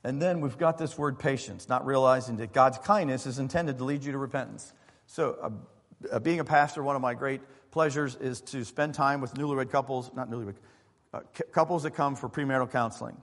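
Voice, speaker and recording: Pastor, male, mid-pitched voice, easygoing conversational sermon, long hall echo. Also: fairly quick. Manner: conversational preaching with fillers and asides to the congregation. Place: church sanctuary.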